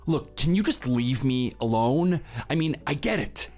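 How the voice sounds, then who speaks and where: A man's voice: mid-range voice, animated, a little slow, a little mellow, soft background music. A man playing a cold, defensive husband. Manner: curt, defensive and withdrawn. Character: grieving, cold husband Theo. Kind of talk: scripted drama voice acting.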